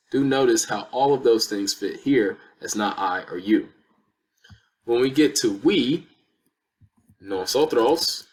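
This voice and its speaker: A male Spanish teacher gives a lesson on verb conjugation, explaining it step by step with patient, repeated examples. His voice is on the low side and a bit bright.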